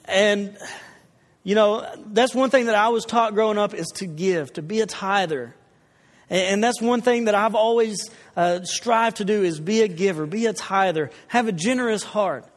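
Man pastor w/ a high voice, chatty storytelling sermon, big echoey church hall. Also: moderate pace. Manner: conversational, animated storytelling with asides to the congregation. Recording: long reverb of a large hall.

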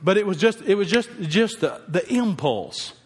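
Preacher guy telling a story from the pulpit, kinda high voice, heartfelt, reverby church hall. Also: sing-song, moderate pace, breathy edge. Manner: folksy, heartfelt storytelling, emotional at times. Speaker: pastor. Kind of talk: sermon with personal story.

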